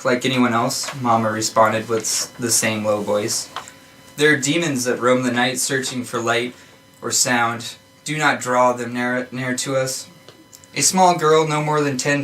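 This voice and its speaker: A man reading a short story aloud on a podcast, steady and plain, with some restarts and fillers. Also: mid-range voice, far from the mic, low-quality recording.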